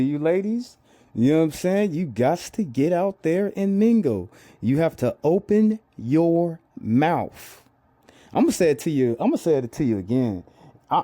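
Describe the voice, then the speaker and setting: Brief: middle-aged male vlogger, preachy and repetitive, very lively pitch swings. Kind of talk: comedic commentary.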